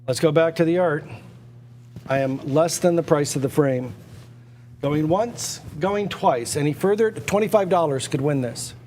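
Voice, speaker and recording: A man's voice: fairly high pitch, a little slow, dark tone, a little hiss or hum. Pushy, stammering male auctioneer. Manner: repetitive, pushy salesman patter with stammered restarts. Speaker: auctioneer and livestream host. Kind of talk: live online auction sales pitch. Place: indoors at a computer.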